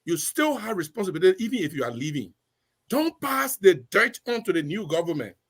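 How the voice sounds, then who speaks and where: A man's voice: high voice, sing-song, brisk, slightly rough. A man giving impassioned political commentary on a talk show, emphatic and repeating his points. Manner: preachy, emphatic, repeats phrases.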